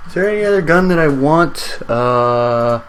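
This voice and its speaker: A man's voice: a little high, animated, a little slow, fairly bright tone, slight background noise. A man giving casual let's-play commentary on his own game, rambling and chatty, joking with the enemies as they come at him.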